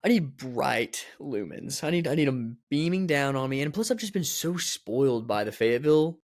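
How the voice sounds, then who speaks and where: A man's voice: on the high side, expressive, fairly quick, darkish tone, no echo. Rambling, chatty young male podcaster, dry sound. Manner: rambling, chatty, self-mocking. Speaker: podcast host. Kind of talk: casual solo podcast chat.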